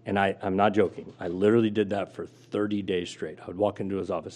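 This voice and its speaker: A middle-aged former sports radio host, appearing as an interview guest, tells a story about his career and acts out quotes with big leaps in his voice. He speaks quickly in a low, slightly mellow voice with a level tone.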